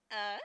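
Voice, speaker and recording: A woman's voice: medium pitch, gravelly, sharp tone, smooth. A young woman chatting casually and thinking aloud while she draws, giggling often between fillers. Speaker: streamer and fan artist. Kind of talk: casual chat while drawing.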